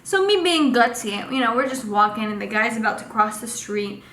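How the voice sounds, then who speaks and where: A young woman casually telling a personal story in a vlog, animated and full of fillers. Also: fairly high pitch, normal speed. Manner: animated, acts out quotes with lots of fillers. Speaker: vlogger. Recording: echoey room with faint noise.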